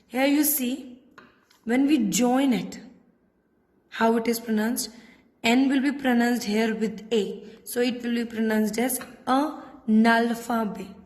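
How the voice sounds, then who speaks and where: Slow, patient woman teaching in an echoey room. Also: on the high side, steady tone, a little mellow. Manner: patient, repeats letters and words slowly. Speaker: French teacher. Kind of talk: classroom lesson. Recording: echoey room with long reverb.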